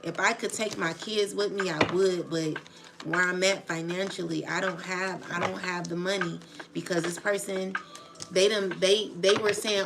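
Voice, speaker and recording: A woman's voice: on the low side, steady tone, normal speed, gravelly. A woman streaming live, ranting in agitated, profane casual slang and often asking "you know what I'm saying". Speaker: tarot channel livestreamer. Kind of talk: emotional livestream rant. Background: background music.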